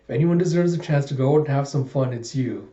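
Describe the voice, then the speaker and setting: A man voicing a calculating spy father in a brisk, matter-of-fact way. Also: medium pitch, mellow, echoey room, lo-fi sound, close to an everyday voice. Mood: smooth.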